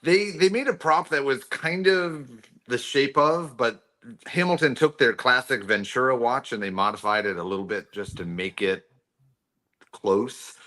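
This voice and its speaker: Older male show regular with a bright tone, relaxed jokey delivery, rambling restarts. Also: medium pitch, measured pace. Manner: laid-back, joking, rambling with restarts. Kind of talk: casual chat.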